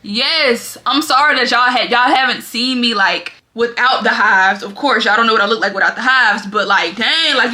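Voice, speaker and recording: A young woman vlogger telling stories in a lively, dramatic way, often talking straight to her viewers. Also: on the high side, fairly quick, few pauses. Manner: animated, dramatic storytelling, often addresses viewers as y'all. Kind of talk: casual storytelling vlog.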